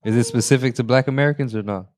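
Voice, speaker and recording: A man's voice: mid-range voice, racing. A man co-hosting a podcast who answers his friends with blunt, dismissive retorts in casual banter. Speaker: podcast co-host.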